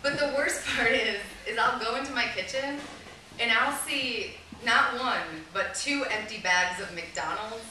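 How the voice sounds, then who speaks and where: A woman's voice: on the high side, unhurried, bright, forceful tone. A woman in her thirties from Chicago doing a rambling, chatty stand-up set, full of "like". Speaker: stand-up comedian. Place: comedy festival stage. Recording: echoey live room, far mic, audience noise.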